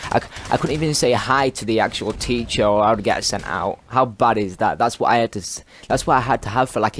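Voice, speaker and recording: A man's voice: lowish voice, slight background noise. A teenage boy, telling a long rambling story over gameplay and swearing constantly. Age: teens. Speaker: gaming video commentator.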